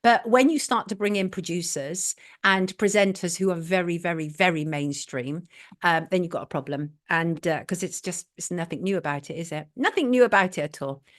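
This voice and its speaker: Her voice sits on the low side at a normal speed. The middle-aged English woman fronts a live web talk show, where she voices blunt opinions, repeats herself for emphasis and reads out messages from viewers.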